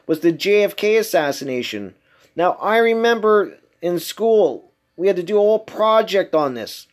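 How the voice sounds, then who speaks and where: Incredulous, swearing man, slightly high voice. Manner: heavy swearing, emphatic and incredulous. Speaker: podcast host. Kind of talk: casual solo podcast monologue.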